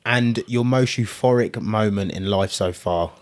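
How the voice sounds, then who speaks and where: A man's voice: lowish voice, measured pace. A man hosting a podcast, asking the guest questions and chiming in with short agreements. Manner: brief affirmations and prompting questions. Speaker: podcast host. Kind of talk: interview questions.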